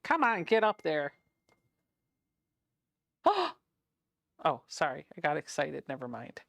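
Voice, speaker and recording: A woman's voice: low-pitched, sing-song, moderate pace, vocal fry, fairly bright tone, dry recording. A woman in her thirties hosting a chatty livestream from her home sewing room, giggling often and reading viewer comments aloud. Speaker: livestream host.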